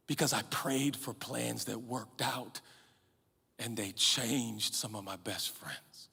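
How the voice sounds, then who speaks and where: Breathless bright-voiced man preaching in a hall. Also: medium pitch, creaky, husky. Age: 40s. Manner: animated, conversational, humorous. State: out of breath, sweating. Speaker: pastor. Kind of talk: sermon. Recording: reverberant large hall.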